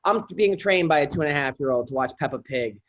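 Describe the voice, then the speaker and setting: A man's voice: fairly high pitch, animated, fast. A middle-aged man co-hosting a comedy podcast, telling rambling everyday stories in a casual chat. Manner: rambling anecdotal storyteller. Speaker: podcast co-host. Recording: slightly dull lo-fi audio.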